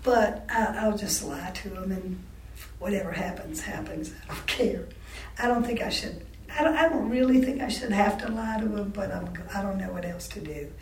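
A woman telling personal stories in an interview, candid and halting, with frequent restarts and wry laughs. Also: medium pitch, slight background noise. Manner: laughs wryly between remarks. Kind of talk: oral history storytelling. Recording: roomy sound from a distant mic.

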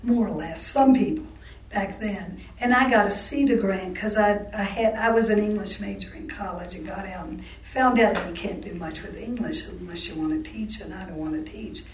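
A woman in her sixties recounting her life in an oral history interview, halting and full of restarts and self-corrections. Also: medium pitch, a little hiss or hum. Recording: roomy sound from a distant mic.

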